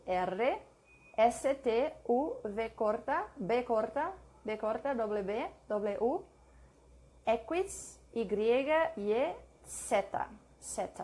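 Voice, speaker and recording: A woman reading her study notes aloud, drilling words slowly and stopping to correct her own mix-ups. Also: fairly high pitch, a little mellow. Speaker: language learner sharing study notes. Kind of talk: slow read-aloud study session.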